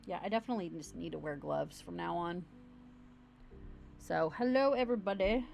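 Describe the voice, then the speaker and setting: In her home livestream, the host chats bubbly and rambling right to camera at normal speed. Her lowish voice is a little mellow with some vocal fry, and soft music plays in the background.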